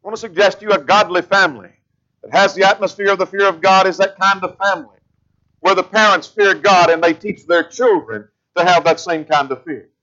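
A preacher gives a sermon in a measured teaching style, slowing down to stress each scripture verse. His voice is high, bright and forward, though the recording is somewhat muffled and lo-fi.

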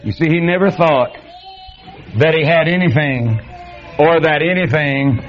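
A man preaching a sermon, reading scripture and then speaking in a folksy, dramatic way that swings between loud and hushed. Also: a little high, a little slow, faint music behind. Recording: dull lo-fi sound.

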